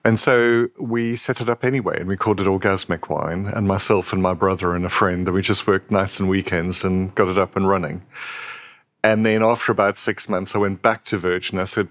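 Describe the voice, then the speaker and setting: A man's voice: sits low, steady tone, a little fast, fairly bright tone. A middle-aged man from South Africa, a company founder interviewed as a guest, telling wry anecdotes and acting out the dialogue. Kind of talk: conversational interview storytelling.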